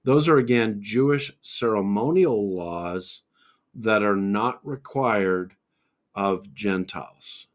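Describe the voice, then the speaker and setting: A man's voice: fairly low pitch, slow pace. A man teaching on a Bible podcast, methodical and conversational, laying out points one by one with scripture references.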